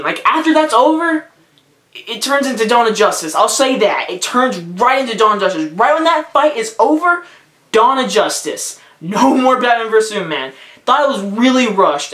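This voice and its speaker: A man's voice: extremely high pitch, a bit bright. A young man giving a casual spoken movie review, rambling and repeating himself with lots of filler words. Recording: roomy echo.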